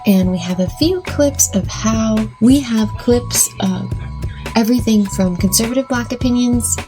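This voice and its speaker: A chatty woman hosting a reaction vlog, taking her time and giggling between thoughts. She fills her pauses with um, and music plays clearly behind her voice. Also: fairly high pitch. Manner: chatty and giggly, says um a lot. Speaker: vlog host. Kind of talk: casual reaction commentary.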